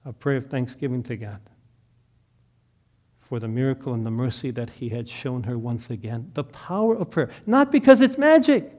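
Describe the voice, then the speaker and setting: A middle-aged man preaching a sermon, telling a story that swells to loud, impassioned peaks and sinks back to soft, quiet prayer. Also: medium pitch, lively intonation, moderate pace. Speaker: pastor.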